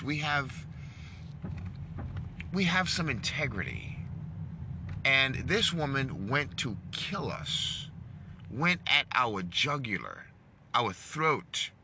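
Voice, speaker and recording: A man rants on his own commentary show, loud and combative, swearing freely and preaching at his listeners. His pitch sits in an ordinary middle range. The recording has clear car noise behind him. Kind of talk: ranting political commentary.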